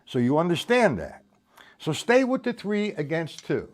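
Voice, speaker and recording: A man's voice: a little high, big pitch swings, moderate pace. A man giving a casual drum lesson. He counts beats aloud and talks in loose, restarting sentences, dropping in "man" here and there. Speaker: drum teacher.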